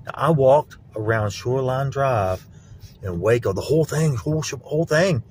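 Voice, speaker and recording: A man's voice: mid-range voice, animated, moderate pace, darkish tone, slight background noise. A middle-aged man filming a rambling vlog on his phone outdoors. He talks in an aggrieved, accusatory way and keeps repeating himself. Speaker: vlogger. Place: outdoors, around a lake. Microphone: handheld phone.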